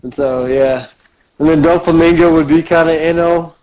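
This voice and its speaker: A man's voice: fairly high pitch, fairly even intonation, normal speed, darkish tone, dull audio. A man co-hosting a podcast in casual chat, laid-back and agreeable. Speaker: podcast co-host.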